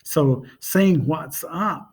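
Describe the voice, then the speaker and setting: A man giving a casual spoken language lesson, relaxed and pausing often, repeating phrases slowly and spelling them out letter by letter. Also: a little high, breathy edge. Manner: relaxed and unhurried, with many pauses and fillers. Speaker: language teacher.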